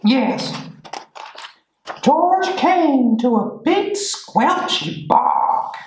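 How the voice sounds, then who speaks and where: A woman reading a children's picture book aloud in a slow, sing-song, expressive way. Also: high voice. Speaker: children's storyteller. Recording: echoey room.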